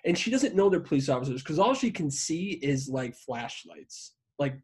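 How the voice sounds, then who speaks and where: A man hosting a podcast, telling a story in casual chat. He is animated and profane, and he acts out the voices he quotes. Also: fairly high pitch, moderate pace, slightly rough. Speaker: podcast host.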